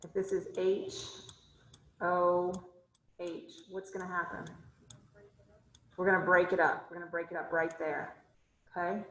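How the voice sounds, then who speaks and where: A woman's voice: lowish voice, level tone, unhurried, long pauses, fairly bright tone, echoey room, a little hiss or hum, low-quality recording. A woman chemistry instructor teaching an online class, asking her students question after question and thinking aloud as she draws. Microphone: video call.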